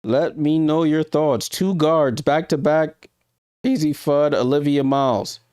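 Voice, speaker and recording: A man's voice: fairly high pitch, steady tone, a little slow, a little mellow, clean tone, no echo, clean studio sound. A man with a New York accent hosting a live stream, giving casual reaction commentary, thinking aloud and talking to his viewers with hesitant ums. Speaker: livestream host.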